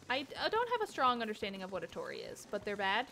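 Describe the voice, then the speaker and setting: A woman's voice: medium pitch, sharp tone, a little hiss or hum. A woman hosting a charity game stream, chatting casually, swearing freely and reading out donations. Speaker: stream host. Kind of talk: casual chat while gaming.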